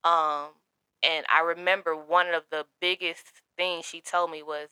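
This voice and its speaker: A woman's voice: low-pitched, little pitch movement, unhurried, sharp tone, clean tone, dry recording. A young woman, telling an emotional personal story candidly and quoting others in her own voice.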